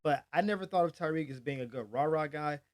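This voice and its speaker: A fast-talking man with a fairly high voice hosts a daily sports news channel, chatting casually and with lots of energy. He acts out quotes with hype shouts.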